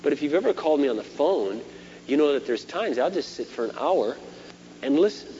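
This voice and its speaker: A middle-aged man preaching a sermon, animated, swinging between loud emphasis and quiet asides. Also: a little high, brisk. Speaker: pastor. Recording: dull lo-fi sermon tape with faint hum.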